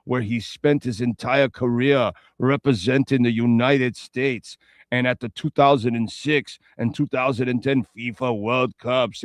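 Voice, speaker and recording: Man, sports talk radio host, casual rambling, middle pitch, dry close mic. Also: steady tone, a little slow, dry recording. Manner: loose, rambling, playful asides; reads sponsor ads and betting lines.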